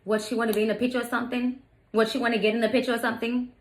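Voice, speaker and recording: A woman's voice: a little high, level tone, rapid-fire, voice pushed up, natural voice. A woman voicing a sassy teenage girl talking back to her father with a curt, mocking attitude. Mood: snippy.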